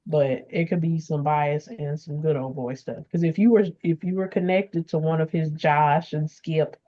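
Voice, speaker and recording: A woman co-hosting a casual podcast chat, weighing in in a measured, matter-of-fact way. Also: low voice, steady tone, dark tone, highs cut off. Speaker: podcast co-host.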